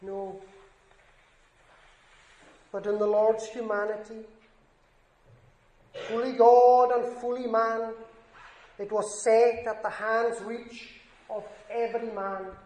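A man's voice: high-pitched, darkish tone. A man preaching a sermon in an earnest, emphatic way, lifting his voice on scripture quotes. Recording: echoey room.

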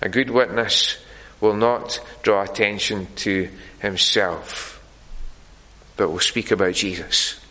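Male preacher, slow and earnest, bright forceful tone, long echo in a church hall. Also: fairly low pitch. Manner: earnest, deliberate, with frequent filler pauses. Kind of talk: sermon.

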